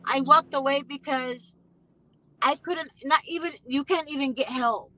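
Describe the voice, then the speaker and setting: A woman's voice: high voice, a little slow, sharp tone, rough recording. A woman hosting a casual conversation, talking emphatically and passionately and often repeating herself for weight. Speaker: host; mother.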